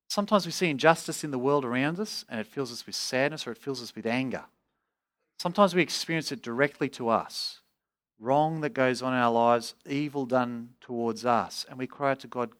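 A man preaching an expository sermon, earnest, rising in pitch when he voices pleas to God. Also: lively intonation, fairly quick, fairly bright tone.

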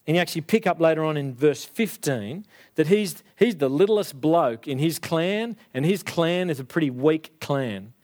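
A young adult man preaching a sermon, animated and acting out the voices of biblical figures. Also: on the high side, normal speed.

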